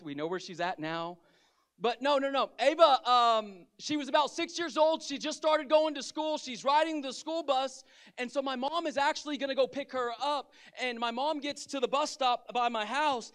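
A man's voice: very high voice, clear, resonant tone. A male pastor preaching a sermon, telling a story and calling out to the congregation. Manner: lively storytelling with audience call-outs. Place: church sanctuary.

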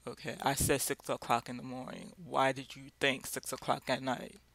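A man leading a casual Bible study talk, speaking haltingly with many fillers and restarts. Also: medium pitch, level tone, gravelly, fairly bright tone, dry recording.

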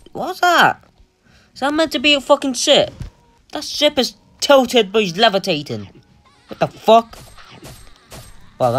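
Young gamer yelling and joking over a game, voice jumps all over, talks slow. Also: medium pitch. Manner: excitable, swears a lot, sings and squeals. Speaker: gameplay commentator. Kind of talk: casual gameplay commentary.

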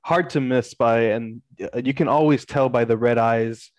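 A man introducing his tabletop character haltingly. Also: mid-range voice, fairly even intonation, a little mellow, dry recording. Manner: halting, with short laughs. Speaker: player.

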